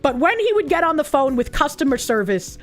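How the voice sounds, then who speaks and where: High-pitched, sarcastic young woman streamer. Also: very animated, fairly quick, faint music behind. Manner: blunt, sarcastic, heavy swearing. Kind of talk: casual chat reacting to chat messages.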